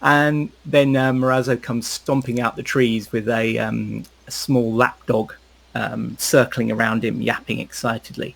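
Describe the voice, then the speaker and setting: A man's voice: medium pitch, little pitch movement, a little slow, vocal fry, fairly bright tone. A man narrating a tabletop game as game master, rambling with fillers.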